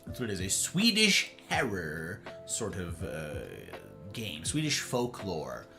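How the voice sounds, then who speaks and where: A man's voice: low voice, huge pitch swings, slow pace, pushed and bright, faint music behind. A man hosting a livestream, chatting casually and reading and answering his viewers' messages aloud. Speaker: livestream host.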